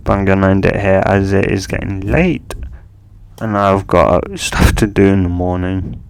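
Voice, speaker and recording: A man telling a fan-made story out loud in a casual, rambling and halting way. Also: low voice, steady tone, creaky, clear, resonant tone. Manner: rambling, halting, many fillers. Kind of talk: casual fan-fiction narration.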